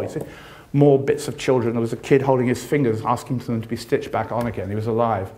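A man's voice: fast, darkish tone. Impassioned older British man lecturing. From Britain. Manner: impassioned, sardonic, pitch swings widely when stressing points. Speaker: journalist giving a lecture. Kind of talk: passionate public lecture. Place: university lecture hall.

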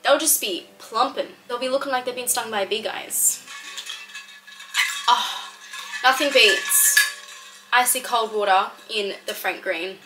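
This fitness content creator, a young Australian woman, speaks on the high side at an unhurried pace, pausing often, her tone bright and forceful. She's fielding viewer questions in a casual vlog, chatty and full of "like". The recording is rough, with faint music behind her.

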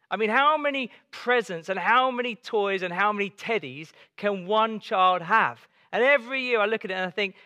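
Male pastor, middle-aged, high bright voice, storyteller with humor. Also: no echo. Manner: storytelling, jokey, shifting to earnest. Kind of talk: sermon with humorous stories. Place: church.

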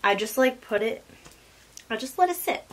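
A woman's voice: fairly high pitch, animated, normal speed. A young woman hosting a casual eating vlog, teasing her friend and talking with her mouth full. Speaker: vlogger host. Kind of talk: casual chat while eating.

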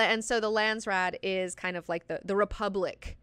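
A woman's voice: mid-range voice, fairly even intonation, normal speed, fairly bright tone, clean tone, no echo. A young adult woman hosting a book club, talking through the plot in a chatty, profane, enthusiastic way full of likes and fillers. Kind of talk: casual book discussion lesson.

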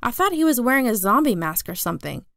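A woman reading a novel aloud as first-person narration, telling it in an even storytelling manner. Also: on the high side, quick pace, creaky, no echo, studio quality. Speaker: audiobook reader.

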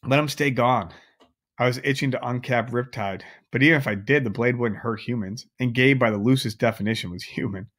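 A man's voice: mid-range voice, fairly quick, hardly any pauses, fairly bright tone. A man reading a novel aloud, adding casual chatty asides to his listeners. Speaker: audiobook reader.

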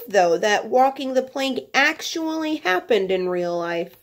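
A woman's voice: a little high, expressive, unhurried. A woman teacher reading a children's nonfiction book aloud to her class, breaking off for chatty, playful asides.

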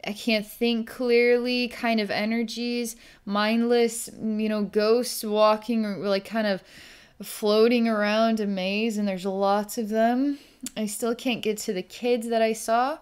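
A woman working as a psychic healer, narrating a distance healing vision in a halting, searching way as the images come to her. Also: a little high, flat delivery, smooth.

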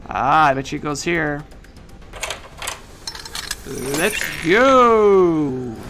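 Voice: medium pitch, animated, drawn-out words. A gamer playfully commenting on a puzzle game while playing, chatting to the characters on screen. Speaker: let's play gamer. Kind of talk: casual gameplay commentary. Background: faint game music.

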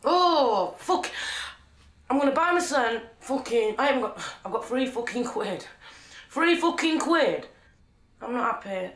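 A woman's voice: sits high, animated, measured pace. A young woman filming her own video diary, blunt, sweary and agitated, talking into a handheld camera she holds herself. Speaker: documentary subject. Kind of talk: self-filmed video diary. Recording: echoey handheld camera sound.

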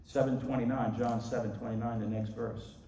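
A male pastor preaching an animated sermon, his voice booming when he quotes scripture. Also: fairly quick, gravelly, a little hiss or hum. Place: large church hall. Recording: echoey hall, voice from far off.

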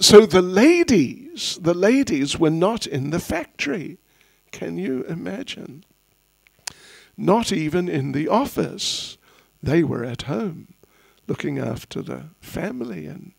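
A man giving a spiritual festival class, telling a story in an unhurried, anecdotal way and chuckling at his own asides. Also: a little high, gravelly, no room sound, clean studio sound. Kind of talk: storytelling sermon.

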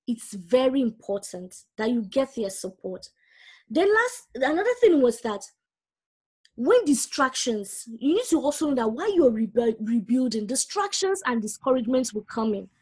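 A woman's voice: on the high side, very animated, normal speed, a little mellow, slightly rough. A woman preaching a sermon, reading scripture aloud and urging her listeners directly.

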